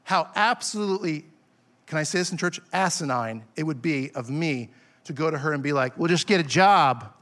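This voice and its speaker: Male preacher, higher-pitched, fervent sermon delivery, self-deprecating asides. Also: fairly quick, a bit bright. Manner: impassioned, rising to emphatic peaks. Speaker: pastor. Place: church.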